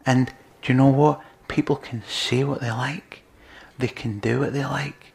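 A man preaching a sermon, earnest, moving between loud emphasis and quiet, near-whispered lines. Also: mid-range voice, fairly even intonation, unhurried, gravelly.

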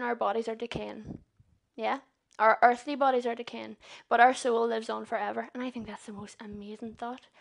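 Young northern irish girl giving a chatty sermon, high voice, keeps asking if ur with her. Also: gravelly. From Northern Ireland. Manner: chatty, earnest, asks the listeners questions. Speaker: young preacher. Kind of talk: informal sermon.

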